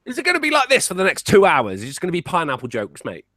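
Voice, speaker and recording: A man's voice: high-pitched, wildly swooping pitch, rapid-fire, a bit bright, no room sound, studio quality. An English man, a guest on a live podcast, bantering brashly with lots of swearing and laughter. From England. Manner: brash, profane, laughing often.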